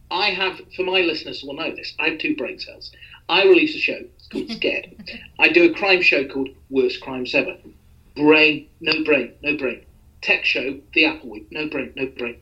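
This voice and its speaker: A man's voice: fairly high pitch, bright, forceful tone, muffled recording. A man hosting a podcast, talking in a rambling, self-deprecating casual way with many restarts. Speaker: podcast host.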